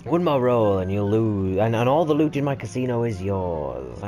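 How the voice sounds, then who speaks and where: A man's voice: fairly low pitch, sing-song, normal speed, dark tone, faint music behind. A British man voicing a gloating male devil who runs a casino, taunting and swearing as he reads a cartoon game's story aloud. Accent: British English.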